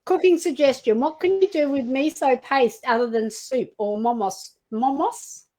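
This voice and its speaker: A woman's voice: high voice, normal speed, a little mellow, poor audio. An Australian woman hosting a live cooking stream, chatting casually, reading out viewer comments and laughing easily.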